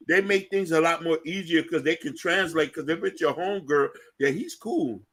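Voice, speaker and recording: A man hosting a casual talk show, joking and animated, playing up mock fear. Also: on the high side, moderate pace, hardly any pauses. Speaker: show host.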